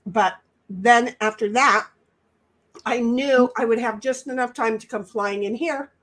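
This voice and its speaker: A woman's voice: a little high, a little slow, fairly bright tone. A woman hosting a livestream in casual, rambling chat, talking while she eats. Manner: rambling, chatty, talks while eating. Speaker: livestream host.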